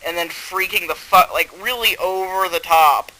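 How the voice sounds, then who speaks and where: A woman's voice: lowish voice, moderate pace, bright, forceful tone, rough recording. A woman co-hosting a casual movie review chat, dropping dry, teasing remarks. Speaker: co-host.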